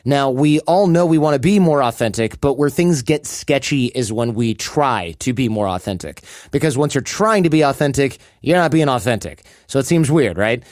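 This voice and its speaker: A man's voice: medium pitch, animated, moderate pace, hardly any pauses, a little mellow, dry recording, clean studio sound. A man hosting a podcast, reading sponsor spots in a loose, chatty way and briefly acting out little quoted voices. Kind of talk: casual ad read with banter.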